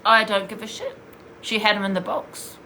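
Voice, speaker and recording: A woman's voice: medium pitch, lively intonation, normal speed, pushed and bright, a little hiss or hum. A woman streaming live, bluntly and scornfully ranting while she answers viewers' comments. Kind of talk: heated live-stream rant.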